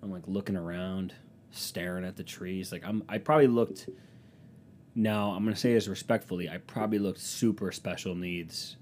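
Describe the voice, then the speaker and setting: A man with a fairly low voice holds forth alone on his podcast mic. He rambles from one story to the next, swearing freely and poking fun at himself. A faint low rumble sits under the recording. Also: steady tone, normal speed, a little mellow. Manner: casual, profane, self-mocking storytelling. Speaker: podcast host. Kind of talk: rambling comic monologue. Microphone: podcast microphone.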